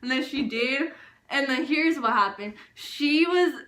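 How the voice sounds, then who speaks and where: A young woman casually telling a storytime vlog, animated and full of filler words. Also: high-pitched, a little slow, reverberant. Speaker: vlogger.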